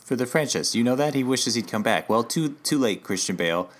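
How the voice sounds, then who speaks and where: Animated man spinning a comic tale. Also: mid-range voice, fairly quick. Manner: animated storyteller, riffs on imagined scenes. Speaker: podcast co-host. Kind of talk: casual chat.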